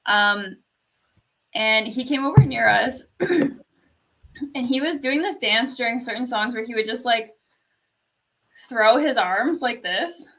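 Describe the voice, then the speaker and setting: A young woman from Canada tells a story in relaxed conversation. Her speaking voice is quiet and fairly high, with a bright, clear edge. She fills her sentences with "like" and small laughs. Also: slow, pauses often, low-quality recording. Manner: soft-spoken storyteller, lots of "like" and laughs. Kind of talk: casual chat.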